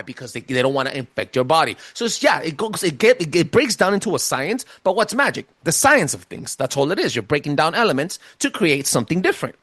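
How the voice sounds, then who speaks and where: Male podcast host with a thick accent, emphatic and lively, pitch on the high side, dry close sound. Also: no echo. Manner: animated and emphatic, with stumbles and restarts; says he has a thick accent. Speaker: podcast host giving a presentation. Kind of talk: casual podcast presentation.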